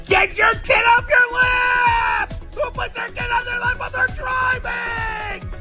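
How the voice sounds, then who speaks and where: A man voicing a furious, screaming comedian as a GPS in a spoof commercial, yelling insults at the driver. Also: very high-pitched, steady tone, slow, loud music behind the voice, pitched above the performer's own voice, full character voice.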